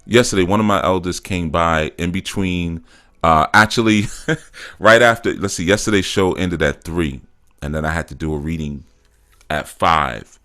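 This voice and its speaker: A man's voice: low-pitched, steady tone, normal speed, fairly bright tone. A middle-aged man hosting a show, talking in loose casual storytelling, with a lot of "man" and "you know", and getting emphatic now and then. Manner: acts out quotes and grows emphatic. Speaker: spiritual teacher and show host. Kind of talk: casual talk-show monologue.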